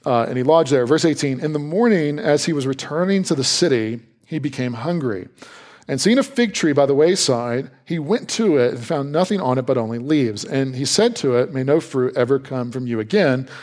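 Preaching conversationally, a man leads a sermon with lively energy. Playful side comments pop up, and his voice leaps in pitch as he acts out reactions.

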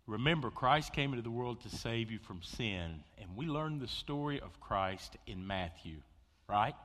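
Bright-voiced preacher in a hall. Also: male voice, mid-range voice, measured pace. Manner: animated storytelling, swings from loud excitement to quiet intensity. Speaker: pastor. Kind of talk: sermon. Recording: long hall reverb.

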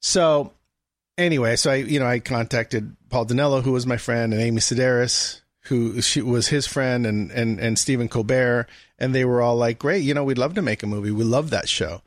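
A male guest in a casual conversation tells an animated anecdote, acting out the people he quotes. His voice is medium-pitched at a moderate pace, recorded in studio quality with no room sound.

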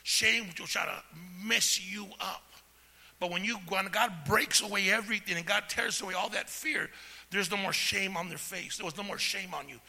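Raspy high-voiced preacher in a reverberant church. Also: male voice, normal speed. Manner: preaching with call-and-response, swings from soft to shouting. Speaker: pastor. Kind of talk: sermon. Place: church sanctuary. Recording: long hall reverb.

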